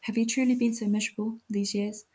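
A woman reading the lines of a blunt, sharp-tongued young woman who speaks acidly. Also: mid-range voice, little pitch movement, slightly rough, close to an everyday voice. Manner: acid, brisk.

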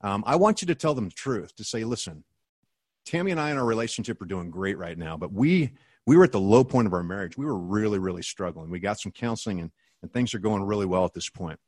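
Middle-aged American man, podcast guest; emphatic, heartfelt storyteller; low voice, dry studio sound. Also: lively intonation, fast talker, darkish tone, no echo. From United States. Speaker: guest, author and speaker.

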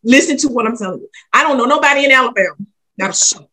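Husky woman telling a story. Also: high voice, rapid-fire. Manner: animated, emphatic storytelling. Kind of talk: casual chat.

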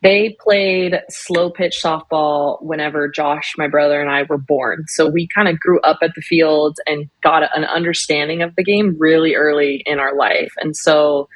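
A woman's voice: low-pitched, steady tone, normal speed, few pauses, dry recording, poor audio. A young woman from Texas, a podcast guest telling her story in a friendly, chatty way. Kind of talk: casual interview.

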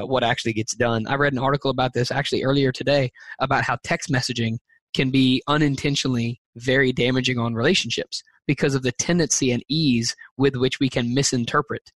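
A man's voice: medium pitch, fairly bright tone, dry recording. Earnest man, thoughtful with many fillers. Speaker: guest, teacher and speaker. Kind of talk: podcast interview answers.

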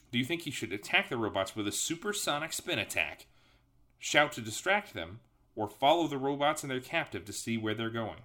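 Man, game master, reads a gamebook aloud, bright crisp voice, casual and joking. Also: mid-range voice. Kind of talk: reading an interactive gamebook aloud.

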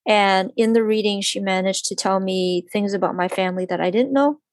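A woman guest telling a personal story in conversation, animated and full of "like", often acting out what others said. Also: medium pitch, fairly quick, no room sound. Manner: animated, acts out quoted voices, lots of "like".

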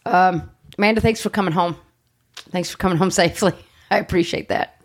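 A woman's voice: on the low side, fairly even intonation, a little fast. A woman hosting a podcast, chatting casually, blunt and joking, swearing freely. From United States. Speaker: podcast host. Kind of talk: casual chat.

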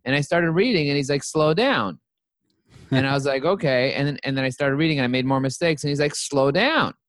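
A company CEO, recorded dry, rattles off stories rapid-fire in a mid-range voice as a guest in a relaxed interview. He animatedly performs the quoted dialogue as he goes.

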